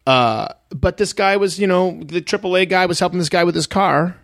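A man's voice: sits high, normal speed, no room sound, clean studio sound. A middle-aged man from Michigan, a podcast guest telling stories in casual chat and acting out what other people said. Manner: animated storyteller who acts out other people's lines.

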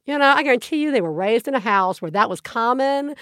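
A woman's voice: on the high side, quick pace, no echo, clean studio sound. Chatty woman podcast co-host. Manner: animated storytelling, acts out quotes, swears freely. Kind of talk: casual chat.

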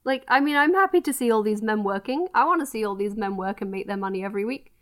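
A woman's voice: medium pitch, animated, fast talker. A woman co-hosting a podcast, chatting casually about wrestling with a sarcastic, ranting manner and frequent laughs. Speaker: podcast co-host.

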